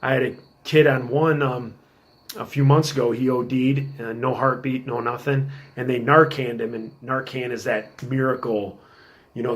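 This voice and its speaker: A middle-aged man telling stories in a casual podcast chat, working as a police officer, animated and acting out quotes. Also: medium pitch. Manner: animated storyteller, acts out quotes in a raised voice.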